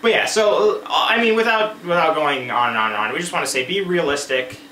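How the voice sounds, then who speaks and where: A man's voice: a little high, animated, a little fast, pushed and bright. A man co-hosting a survival gear video, rambling in casual banter and often restarting his sentences. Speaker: co-host of a survival gear channel. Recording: roomy echo with faint noise.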